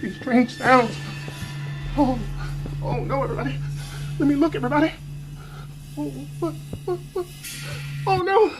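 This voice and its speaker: Man playing a scared, whiny male vlogger creeping through a haunted house; high voice, nervous hush, tags "everybody" on everything, music playing loud underneath. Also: lively intonation, normal speed, pauses often. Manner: ends nearly every sentence with "everybody"; fearful, hushed narration. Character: jittery male ghost-hunting vlogger, jumpy and whiny.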